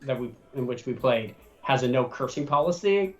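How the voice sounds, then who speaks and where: A man who plays in the campaign, recounting a table story in a halting way with fillers. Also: mid-range voice, expressive, distant mic, soft background music, poor audio. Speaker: player. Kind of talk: casual chat.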